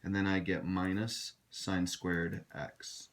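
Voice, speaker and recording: Low-voiced man teaching math. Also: level tone, slow. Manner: direct, instructive, addresses students as you guys. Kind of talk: recorded math lesson.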